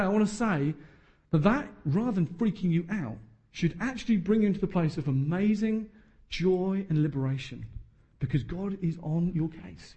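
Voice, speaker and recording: A man's voice: high voice, warm tone. A man, preaching a sermon emphatically with joking asides. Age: 30s.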